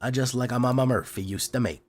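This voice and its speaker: A man putting on a deliberately bad pizza-parlor accent, playing a hammy male pizzeria owner with slow, exaggerated delivery. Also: medium pitch, voice pushed up, lightly acted. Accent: put-on pizza-parlor accent.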